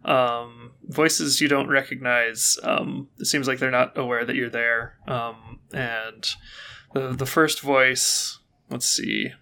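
A man runs a tabletop game in a gravelly, bright voice. His talk is relaxed and halting, with many ums and likes. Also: medium pitch. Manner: relaxed, hesitant with many fillers. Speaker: game master.

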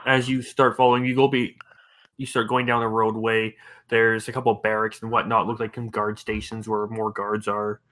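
A man's voice: flat delivery, normal speed, a bit bright. Casual male game master. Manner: casual, loose, uses sound effects like boom and whoomp. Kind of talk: narrating a tabletop game.

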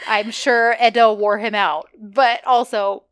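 Mulher animada recontando cenas, som seco. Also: female voice, fairly high pitch, takes it slowly, clean tone, dry recording, studio quality. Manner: chatty, animated retelling with quoted lines. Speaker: podcast co-host. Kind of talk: casual recap chat.

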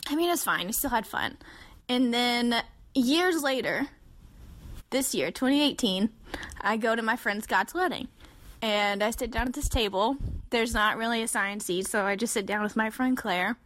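Brief: lively twenties woman podcaster, slightly high voice, dry close sound, acts out quotes. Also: no room sound. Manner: animated, acts out quoted voices with big jumps in pitch. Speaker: podcast co-host. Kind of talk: casual storytelling chat.

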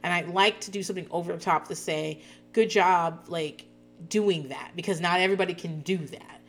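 Thirties woman, podcast host, lower-pitched voice, casual and profane recap chatter. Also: moderate pace. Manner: chatty, profane, laughs often. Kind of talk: casual chat recapping a reality show.

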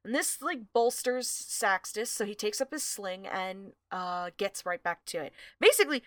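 A woman's voice: medium pitch, normal speed, no echo. Woman podcast co-host, dry close sound, easygoing plot recap with lots of "uh". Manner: relaxed recapping, frequent "uh". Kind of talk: casual book discussion and plot recap.

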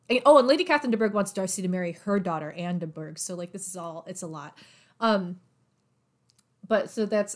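A young woman chatting casually as she retells a story. She fills her talk with "like" and "um" and slips into little voiced quotes for the characters. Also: medium pitch. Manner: chatty, filler-heavy, acts out characters' lines. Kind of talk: casual chat, retelling a novel's plot.

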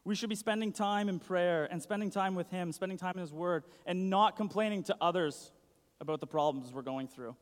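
A man's voice: high-pitched, brisk. A young man giving a casual sermon, chatty and full of "like". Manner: chatty, uses "like" a lot. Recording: long hall reverb.

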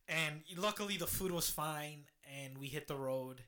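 Bright-voiced man telling a story. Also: on the high side, moderate pace, few pauses. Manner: swears freely, laughs while telling stories. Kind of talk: casual storytelling chat.

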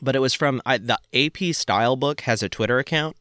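A man's voice: medium pitch, a little fast, fairly bright tone, dry recording, clean studio sound. A man from northern Florida with a Southern accent, hosting a podcast in casual, joking chat full of fillers. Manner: rambling, joking, many fillers. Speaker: podcast host.

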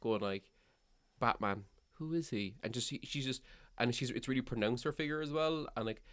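A man from Ireland with a Cork accent talks fast in a medium-pitched voice. As a podcast co-host in a casual chat, he rambles with many fillers and restarts.

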